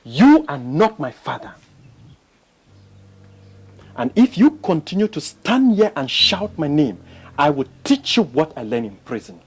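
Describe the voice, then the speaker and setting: An actor playing a bitter young man just out of prison, confronting his father in a husky voice. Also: on the high side, sing-song, unhurried, pauses often, full character voice. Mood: threatening.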